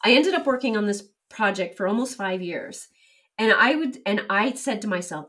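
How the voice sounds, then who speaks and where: A middle-aged woman speaking as an interview guest, telling lively stories and acting out quoted exchanges. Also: medium pitch, normal speed, distant mic. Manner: animated storyteller, acts out quoted exchanges. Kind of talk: casual interview storytelling.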